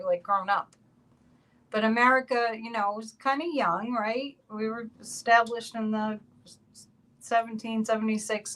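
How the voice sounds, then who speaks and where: A woman's voice: a little high, fairly bright tone, poor audio. A woman hosting a casual spiritual podcast, chatty and laughing between remarks. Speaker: psychic podcast host.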